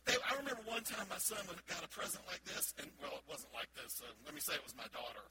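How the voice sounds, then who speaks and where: A middle-aged man, a pastor, preaching a sermon in a church sanctuary with playful, animated storytelling. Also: a little high, quick pace, few pauses, very noisy. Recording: loud background ambience.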